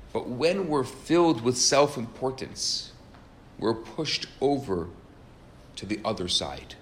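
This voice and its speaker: A man giving an earnest religious talk, telling stories and stressing key words by slowing down and raising his voice. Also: a little hiss or hum. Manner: earnest, emphatic, varies pitch and pace for stress. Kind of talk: sermon with storytelling.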